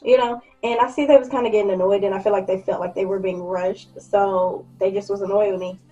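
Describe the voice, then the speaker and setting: A woman in her twenties telling a story in a casual vlog, blunt and profane, with lively acted-out quotes. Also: mid-range voice, fairly quick, lo-fi sound. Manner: blunt, profane, animated quoting. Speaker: vlogger.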